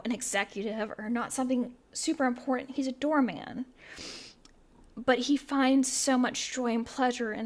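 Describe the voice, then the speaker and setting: A young woman talking casually in a vlog, reviewing films with eager, emotional enthusiasm. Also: fairly high pitch. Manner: enthusiastic, emotional, talks fast with fillers. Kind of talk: casual chat.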